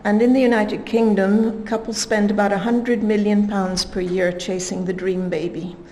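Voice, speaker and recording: Woman giving a measured conference talk. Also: mid-range voice, flat delivery, mellow, a little hiss or hum, low-quality recording. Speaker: conference speaker.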